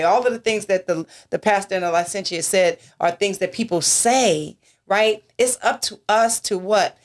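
A woman's voice: medium pitch, lively intonation, a little slow, fairly bright tone. A woman minister in a church talk discussion, speaking emphatically and asking rhetorical questions.

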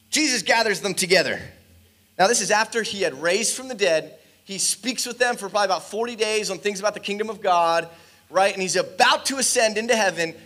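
A man preaching in church with a high, light voice. He tells stories with energy and slips into the voices of the people in them. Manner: animated storytelling, acts out quoted dialogue. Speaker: pastor. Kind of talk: sermon.

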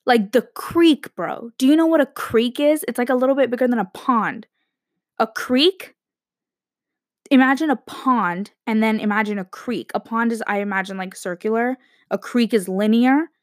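A young woman in her early twenties, chatting casually and rambling, with lots of "like" and quick self-interruptions. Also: a little high, no echo, studio quality. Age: young adult. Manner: rambling, chatty, heavy use of "like", frequent laughs and self-interruptions. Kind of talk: casual monologue to camera.

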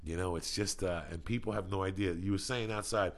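A male podcast host with a deep voice and a gravelly edge. He tells stories bluntly and swears freely, in a loose conversational tone. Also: a little fast. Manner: blunt, profane storytelling. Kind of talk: casual chat.

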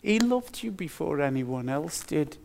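A man's voice: fairly high pitch, big pitch swings, creaky, darkish tone, slight background noise. An older man preaching a sermon, earnest and emphatic, repeating his key phrases. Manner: earnest, slow and emphatic with repetitions.

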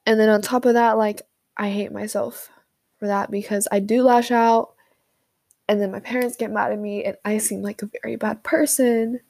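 A young woman venting in an unscripted monologue, halting with frequent fillers and pauses, recorded on a phone voice memo. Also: mid-range voice, steady tone, vocal fry, a little mellow. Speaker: vlogger.

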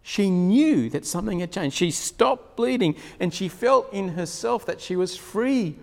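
A slightly high-voiced man preaching a sermon, telling the story vividly and chuckling as he goes. His voice rings with a long reverb from a large hall. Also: a little slow, gravelly. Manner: storytelling, animated, chuckling often.

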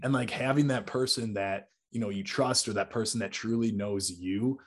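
A man's voice: lowish voice, normal speed. A young man hosting a podcast, chatting enthusiastically with many "likes". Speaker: podcast host. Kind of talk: casual interview chat.

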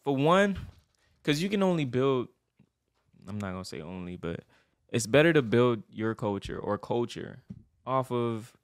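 A man's voice: medium pitch, animated, a little slow, dry recording, studio quality. A man of Haitian family co-hosting a casual podcast, making his point earnestly and persuasively. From Haitian family, raised in America. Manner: earnest, persuasive, addresses listener as bro. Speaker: podcast co-host. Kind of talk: casual chat.

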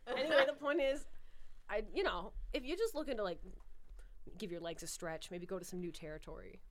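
A woman co-hosting a casual chat, with animated, giggly, profane banter. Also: mid-range voice, fairly quick. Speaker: podcast co-host.

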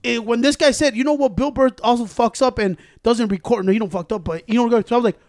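A man co-hosting a podcast in casual banter, animated and swearing, laughing often. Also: extremely high pitch, quick pace, no echo, clean studio sound. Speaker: podcast co-host. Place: indoor studio table.

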